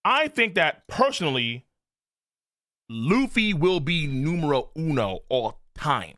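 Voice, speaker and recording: Man, streamer, live reaction, profane and joking, bright voice, slightly high pitch. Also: slow pace, dry recording, studio quality. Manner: animated, profane, lots of laughing asides.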